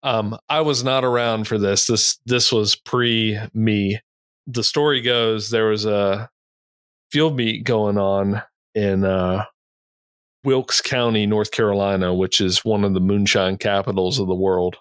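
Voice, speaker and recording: Laid-back low-voiced man spinning a yarn. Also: fairly even intonation, measured pace, clear, resonant tone, no echo. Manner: rambling, laid-back, laughs at his own stories. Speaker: podcast cohost and falconer. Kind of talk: casual storytelling chat.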